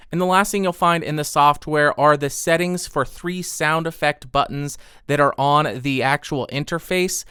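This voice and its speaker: A man walking through the features of an audio interface and its software in a matter-of-fact way. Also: on the high side, fairly even intonation, normal speed, hardly any pauses, no room sound, clean studio sound. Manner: clear, matter-of-fact explaining. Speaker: gear reviewer. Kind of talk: product walkthrough.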